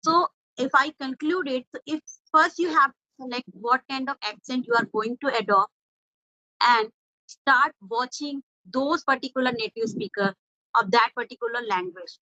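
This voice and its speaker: A woman's voice: high-pitched, normal speed, bright, forceful tone, no echo. A woman interviewing a guest in an English-practice conversation, earnestly summing up points and asking questions. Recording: dull lo-fi audio.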